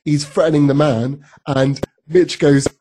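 A man's voice: fairly high pitch, fairly even intonation, unhurried, dark tone, slightly rough. A man co-hosting a podcast, chatting casually about a TV episode, with many ums and frequent laughs. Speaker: podcast co-host. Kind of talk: casual chat recapping a TV episode.

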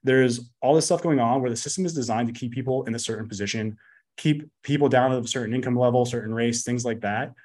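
A business coach appearing as a podcast guest speaks in a mid-range, darkish voice. The casual interview chat is rapid and rambling, blunt and sweary, packed with "like" and "you know."

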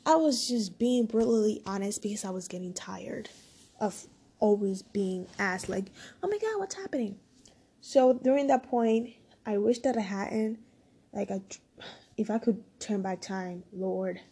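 Mellow, husky-voiced woman telling a story. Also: medium pitch, unhurried. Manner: rambling, full of "like" and "I was like" quotes. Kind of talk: casual storytime monologue.

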